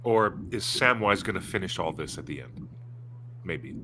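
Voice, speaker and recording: A man in casual watch-party commentary, expressive and admiring as he reacts. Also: low voice, normal speed, slight background noise.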